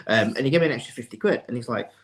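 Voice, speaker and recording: A man's voice: medium pitch, expressive, rapid-fire, poor audio. A man hosting a podcast interview, chatting casually and often backing up his guest with short agreements. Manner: agreeable, frequent short backchannels. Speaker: podcast host.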